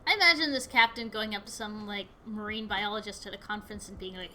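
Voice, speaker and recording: A woman giving chatty, excitable commentary while playing a video game, yelping at what happens on screen. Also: medium pitch, quick pace, few pauses, a little hiss or hum. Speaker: gaming video host. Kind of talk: casual gameplay commentary.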